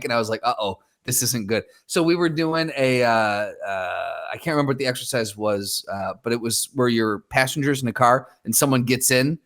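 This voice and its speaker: A man co-hosting a podcast, recounting old stories in relaxed, casual chat. His voice sits at an ordinary middle pitch, and he circles back and restarts as he remembers details. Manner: rambling storyteller, many restarts and fillers. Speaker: podcast co-host.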